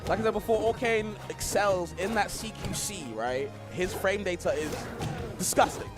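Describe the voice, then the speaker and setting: A man's voice: sits high, moderate pace, over music. A man with a non-American accent commentating a live esports tournament, chatty and laughing often, rambling with lots of fillers.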